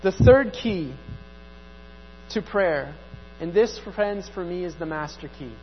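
A man's voice: high voice, animated, slow pace, a little hiss or hum. Male pastor, sermon delivery, conversational with repeated emphatic lines; long hall reverb, dull recording.

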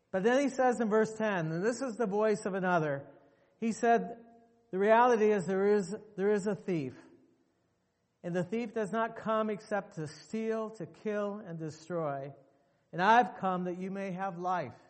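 A man's voice: high voice, big-room sound. A male pastor preaching a sermon emphatically to his congregation, repeating phrases for effect.

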